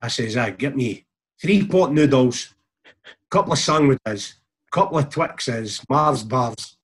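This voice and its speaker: A man's voice: mid-range voice, lively intonation, slow, husky. A middle-aged Scottish man, a former footballer, telling a rambling anecdote with chuckles, acting out what others said. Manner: rambling, chuckling, quotes others in reported speech. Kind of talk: casual anecdotal storytelling.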